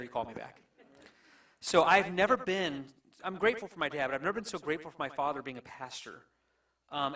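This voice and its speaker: Middle-aged man, pastor, halting and emotional storyteller, mid-pitched, heard from a distance. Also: a bit bright. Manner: halting, emotional, many restarts. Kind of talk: storytelling on a panel. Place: church.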